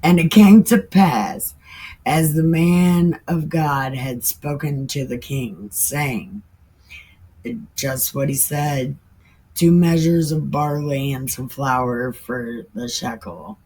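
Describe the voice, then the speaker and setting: A woman's voice: very deep voice, darkish tone, slightly rough, rough recording. A woman casually reading the Bible aloud and commenting on it in an irreverent, chatty way, laughing often and swearing now and then. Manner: drawn-out, emphatic sign-off sayings.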